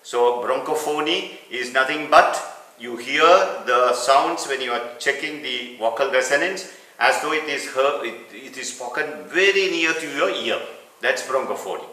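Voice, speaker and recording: Speaking at normal speed in a medium-pitched, bright and forceful voice, a male medical teacher walks through a clinical lecture step by step, restating key terms. The sound is echoey, picked up by a distant mic.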